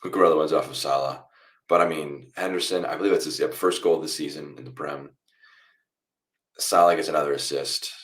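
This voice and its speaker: This is a young man with a remarkably deep, low voice, hosting a live football watchalong stream. He talks casually to his viewers and walks through each play as he watches. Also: brisk. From United States. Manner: chatty, reacts loudly to goals then explains calmly. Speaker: watchalong host.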